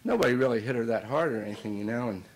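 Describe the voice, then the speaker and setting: This after-dinner speech comes from a middle-aged basketball coach racing through a long, animated anecdote peppered with fillers and restarts. His voice sits in the mid range, and the recording is rough.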